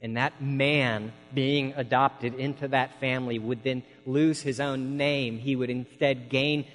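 A man's voice: medium pitch, fairly even intonation, measured pace, a bit bright, in a large hall, poor audio. A man preaching a sermon, telling folksy stories in an earnest way.

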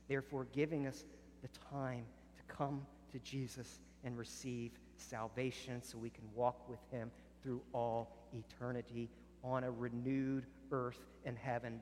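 A man preaching a sermon as a pastor, earnest, dropping soft on solemn lines. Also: mid-range voice, long reverb tail, slight background noise. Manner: earnest preaching, drops soft on solemn lines, rises sharply in acted arguments.

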